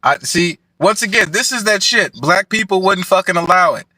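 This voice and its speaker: Livestream co-host, male, mocking and profane, slightly high and very bright, dry sound. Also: lively intonation, normal speed, no room sound. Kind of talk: casual crude banter.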